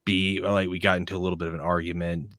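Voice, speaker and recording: A man's voice: low voice, little pitch movement, fast, fairly bright tone, no room sound, clean studio sound. A man playing a tabletop role-playing game, chatting in character with rambling, jokey asides. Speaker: player.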